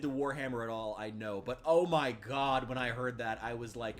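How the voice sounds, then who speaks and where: A man streaming a game, giving rambling casual commentary with many fillers and restarts, sometimes getting excitable. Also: medium pitch, normal speed.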